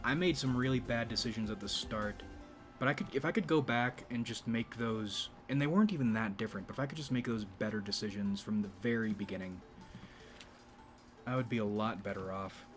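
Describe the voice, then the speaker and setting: A man hosting a YouTube channel in a rambling, casual monologue, speaking in a deliberately low register with a slight vibrato. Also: music in the background. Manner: rambling, with frequent restarts and profanity.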